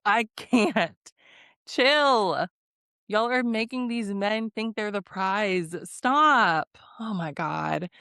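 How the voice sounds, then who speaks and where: A woman's voice: mid-range voice, smooth, dry recording, clean studio sound. A young woman recapping a reality TV episode in a casual, blunt and exasperated way.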